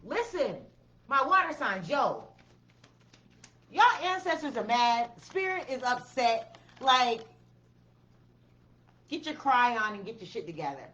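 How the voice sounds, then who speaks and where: A woman's voice: on the high side, big pitch swings, slow pace, pauses often, sharp tone, lo-fi sound. A woman giving a blunt, profane tarot reading, repeating her commands with emphasis. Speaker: tarot reader.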